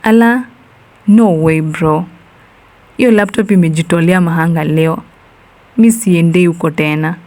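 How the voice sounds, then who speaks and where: A woman voicing a panicky young office man who blurts out rapid slangy outbursts. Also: lowish voice, a little mellow. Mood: refusing.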